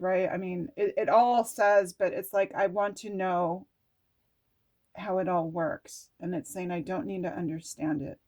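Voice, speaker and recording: A woman's voice: lowish voice, a little mellow. A woman reading oracle cards aloud in a video, gushing and exclaiming, often laughing or close to tears as she reacts to the words. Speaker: oracle card reader.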